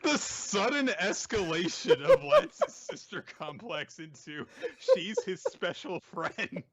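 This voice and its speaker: Brief: male co-host, casual chat, very lively swooping pitch, fairly high. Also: slow, a crowd in the background. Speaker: podcast co-host.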